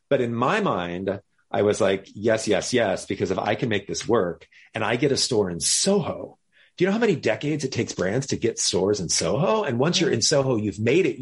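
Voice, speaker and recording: A man telling the story of his early business in a casual, animated way, often acting out what people said. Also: mid-range voice, slightly rough. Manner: animated, quick to act out voices.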